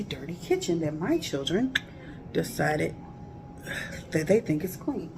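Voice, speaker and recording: A woman's voice: sits low, very animated, unhurried, creaky, pauses often, background noise. A woman in her thirties chatting candidly and emphatically to her viewers in her kitchen, talking in a loose colloquial way and repeating herself for emphasis. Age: 30s. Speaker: vlogger. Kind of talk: casual chat to viewers while cooking. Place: home kitchen.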